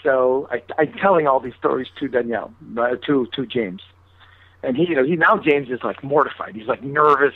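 A man's voice: mid-range voice, normal speed. A man telling a long anecdote in a radio interview, acting out both sides of old phone calls. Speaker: guest chef. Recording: tinny phone-line sound.

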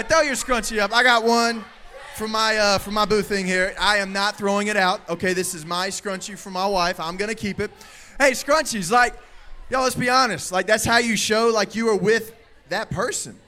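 A male youth pastor delivers an energetic, crowd-pleasing sermon in a high, bright, ringing voice. Playful and full of energy, he cracks jokes with the room and calls out loudly to listeners, speaking into a handheld microphone in a youth service hall.

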